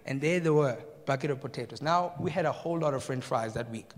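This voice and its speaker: A man's voice: mid-range voice, fast talker. A man from South Africa preaching a sermon, telling anecdotes with laughter and questioning the congregation. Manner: storytelling, laughs at own jokes, asks the congregation questions. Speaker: pastor. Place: church hall. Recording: long hall reverb.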